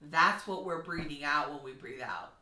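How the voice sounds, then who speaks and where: Her voice sits low and moves at a moderate pace, sounding roomy and far from the mic. She's a kindergarten teacher giving a heartfelt vlog to camera, earnest, encouraging, and gently instructive.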